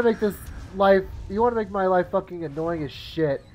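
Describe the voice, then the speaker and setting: A man's voice: sits high, moderate pace, hardly any pauses, dull audio, faint music behind. A man streaming a game and commentating live, swearing and venting at the game. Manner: swears a lot, yells in frustration. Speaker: gaming streamer.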